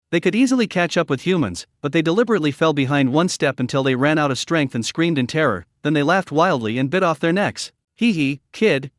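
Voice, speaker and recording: A man narrating a fantasy recap story in a steady, scripted way. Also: on the high side, no echo, clean studio sound.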